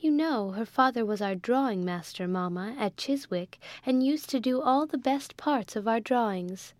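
An eager, good-natured young girl who pleads on her friend's behalf, put on by a woman narrator. Her voice sits a little higher. The sound is dry and close. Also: expressive, normal speed, no echo, lightly acted.

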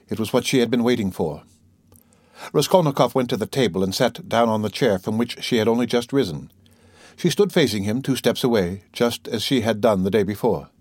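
A man reading a classic novel aloud in steady, measured scripted narration. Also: on the low side, husky, no echo. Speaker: audiobook narrator.

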